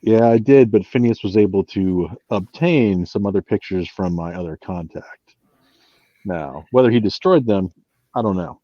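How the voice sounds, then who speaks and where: Low, dark-voiced man player. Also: moderate pace, no echo, highs cut off. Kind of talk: casual in-character play.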